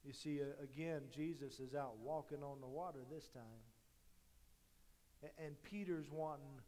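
A man preaching a sermon as pastor, rising to loud emphatic lines and dropping to quiet asides, often repeating words as he restarts a phrase. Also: on the high side, fairly even intonation, moderate pace.

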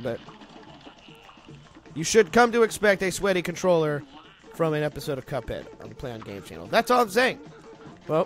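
This young man, whose voice sits a little high, gives casual, jokey let's-play commentary. He rambles along and bursts into loud outbursts whenever he fails.

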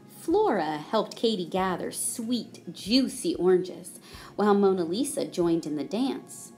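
Woman, children's story reader, slow, expressive, lively pitch, faint music. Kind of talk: children's story read aloud.

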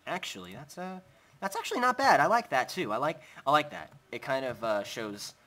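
A man's voice: medium pitch, sing-song, moderate pace, pushed and bright. A young man hosting a Minecraft let's play, chatting casually as he builds and talking to his in-game pet. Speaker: gaming channel host.

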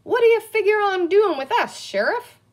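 A woman voicing a bold, curious young girl heroine in a storybook reading, with excited high exclamations. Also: moderate pace, husky, full character voice. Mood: urgent.

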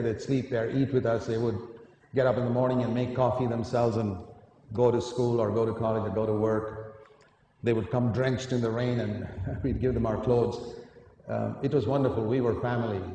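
A man with a mellow, medium-pitched voice preaches a sermon in a large hall, earnest and emphatic, often putting questions to his listeners. The recording is echoey, with faint noise.

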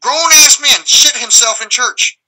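Bright, husky high-voiced man, rambling and profane. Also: unhurried, rough recording. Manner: acts out quoted voices loudly. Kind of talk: casual live conversation.

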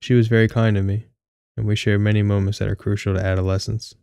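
A man's voice: lowish voice, little pitch movement, quick pace, vocal fry, darkish tone, clean tone, no room sound. A young man reading his own first-person short story aloud, with a wry, candid, casually profane manner. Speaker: audiobook narrator.

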